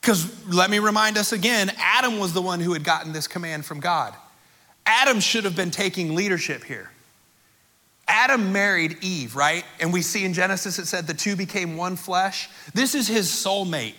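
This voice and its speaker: A male preacher with a high, sharp, bright voice, preaching energetically and chatting with his congregation through rhetorical questions. His voice carries the long reverb of a large church hall. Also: normal speed. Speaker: pastor. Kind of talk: sermon.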